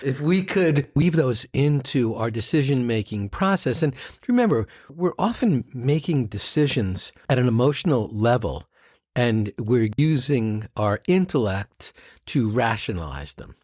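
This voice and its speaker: A man co-hosting a podcast as a meditation teacher, teaching in a relaxed conversational way with rhythmic, playful delivery. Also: medium pitch, measured pace, no room sound, studio quality. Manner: warm rhythmic chanting of mantras, playful asides.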